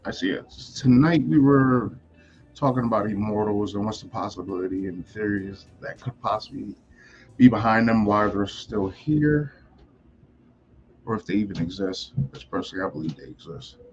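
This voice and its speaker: A man's voice: fairly low pitch, moderate pace, darkish tone, lo-fi sound. A man co-hosting a casual talk show, laid-back, telling stories with little put-on voices. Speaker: podcast co-host. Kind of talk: casual chat.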